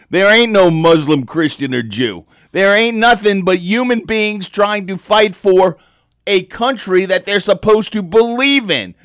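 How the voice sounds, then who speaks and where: A man's voice: high voice, a bit bright, no echo, studio quality. A man on a talk panel, giving his opinion in a fired-up, emphatic way and repeating words when he gets worked up.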